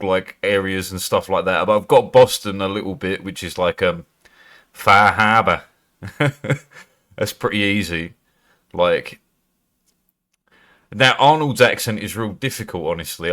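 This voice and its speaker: Man from Britain, live streamer, low-ish voice, loose chat with lots of swearing. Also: moderate pace, fairly bright tone. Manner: swears freely, laughs, loose and chatty. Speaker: livestreamer.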